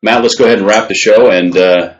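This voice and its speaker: Lower-voiced easygoing male co-host. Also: steady tone, fairly quick, lo-fi sound. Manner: easygoing, agreeable, fills with uh. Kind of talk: casual podcast chat.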